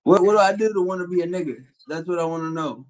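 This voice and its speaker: A man's voice: high voice, fast, dull audio. A man live-streaming, taunting someone with crude trash talk and insults. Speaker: livestreamer.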